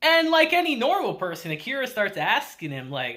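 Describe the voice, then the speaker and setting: A man giving a casual, chatty anime episode recap, animated and laughing often. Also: extremely high pitch, brisk, few pauses. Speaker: anime reviewer.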